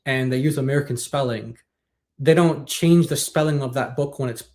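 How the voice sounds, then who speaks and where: A man's voice: medium pitch, normal speed, darkish tone. A man co-hosting a live-streamed talk show, explaining points in casual chat and often restarting his phrases.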